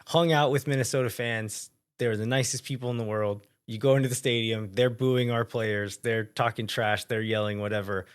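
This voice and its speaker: A man co-hosting a casual soccer podcast, easygoing and thinking out loud with loose asides. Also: mid-range voice, steady tone, normal speed, hardly any pauses, clean tone. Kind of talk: casual chat.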